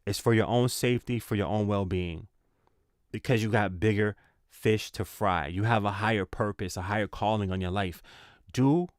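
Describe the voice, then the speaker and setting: A man's voice: fairly low pitch, dry recording, studio quality. A man giving a spiritual tarot reading in a casual, slangy, encouraging way, repeating himself for emphasis. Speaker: tarot reader.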